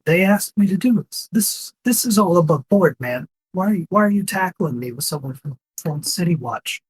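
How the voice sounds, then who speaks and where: A man's voice: high-pitched, animated, normal speed, husky, voice pushed up. A man voicing a scared young man caught in a disguise, talking nervously and pleading in a raised voice.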